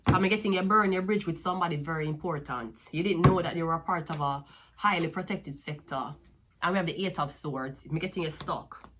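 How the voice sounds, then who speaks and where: A woman's voice: low-pitched, brisk, noisy background. A woman with a Jamaican accent giving a tarot reading, cursing and mocking the listener as she talks. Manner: profane, mocking and sassy, with frequent laughs. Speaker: tarot card reader.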